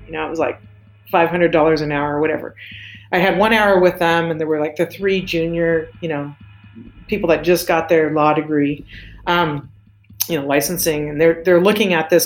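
A woman telling stories as an interview guest, chatty and rambling, with lots of fillers and restarts. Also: lowish voice. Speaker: design studio co-founder, interview guest. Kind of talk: casual storytelling interview. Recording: roomy echo with faint music.

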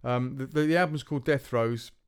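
A man's voice: mid-range voice, a little fast, clear, resonant tone. A man hosting a music podcast, rambling casually, often stumbling over his words and swearing offhand. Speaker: podcast host.

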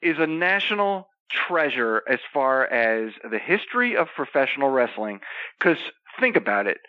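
A man telling rambling, profane wrestling stories in a casual chat, animated and quick to jump from one tangent to the next. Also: medium pitch, no room sound. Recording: slightly dull, dry sound.

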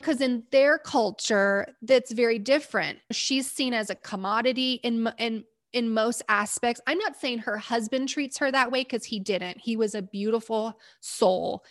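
A woman's voice: a little high, moderate pace, hardly any pauses, fairly bright tone, no room sound, studio quality. A woman, a medical provider, candidly recounting her field work in an interview, in short emphatic bursts. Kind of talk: interview storytelling.

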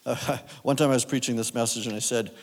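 A man's voice: mid-range voice, fairly even intonation, fast talker, big-room sound. A man preaching a sermon as guest speaker, talking conversationally and asking his listeners questions. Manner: conversational, asks the audience questions.

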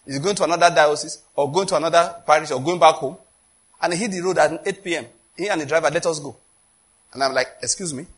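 A man's voice: on the high side, fast talker, slightly rough. A man with a Nigerian accent preaching a sermon in a conversational, storytelling way. He acts out quoted dialogue and often checks whether listeners follow. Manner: often asks if listeners get the point.

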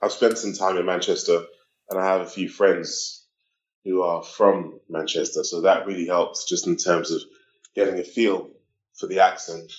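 A male actor, a guest on a podcast, chatting casually, telling stories with animated laughter. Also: low voice, moderate pace, echoey room, highs cut off. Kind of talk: casual interview chat.

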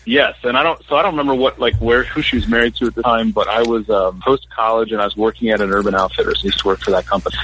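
A young man rattles off self-deprecating anecdotes in a casual interview, talking very fast. A faint hiss sits under the recording. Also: on the low side, fairly even intonation, a bit bright, rough recording. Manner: rapid storyteller, self-deprecating. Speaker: comic book artist guest.

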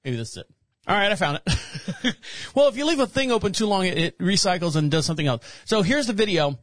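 A man's voice: high voice, sing-song, a little fast, a bit bright, no echo. A man hosting a podcast, talking casually and rambling with frequent restarts. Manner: rambling, self-correcting, chatty. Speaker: podcast host.

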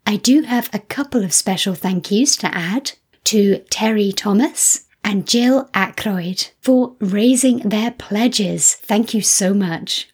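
A middle-aged woman hosting a solo podcast, speaking in a gentle, reassuring way with slightly low energy. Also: slow, slightly rough. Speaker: podcast host.

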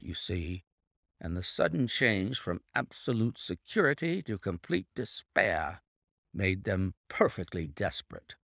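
A man reading an audiobook, voicing a brilliant male detective explaining a case in a measured, deliberate way. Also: on the low side, gravelly, fairly bright tone, no echo, clean studio sound, heavily acted.

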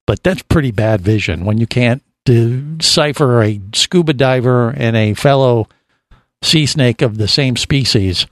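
A man's voice: mid-range voice, measured pace, dry recording. A man hosting a casual radio talk show from a studio, rambling and restarting his sentences as he tells a story.

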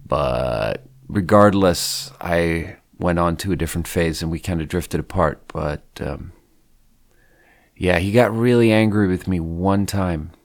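Swedish-born guy on a podcast, kinda low voice, rambles and cusses a lot, real candid. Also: unhurried. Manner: candid, rambling, swears freely. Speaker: podcast co-host. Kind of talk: casual reflective chat.

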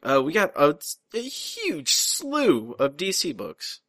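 A man's voice: on the high side, wildly swooping pitch, takes it slowly, a bit bright. A man hosting a casual comics podcast, chatty and teasing, often trailing off and restarting his sentences. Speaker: podcast host.

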